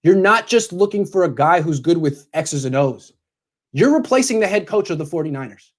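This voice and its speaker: A man's voice: fairly high pitch, animated, moderate pace. A man who is a sports commentator, bluntly lecturing a coach as if in a meeting, confrontational and direct.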